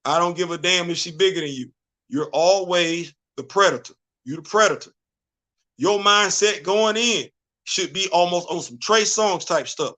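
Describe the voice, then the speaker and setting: High-voiced man, stammering livestream host. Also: a little slow, a bit bright. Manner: repetitive, stammering restarts, sings snatches of songs. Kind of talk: casual livestream commentary. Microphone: streaming setup.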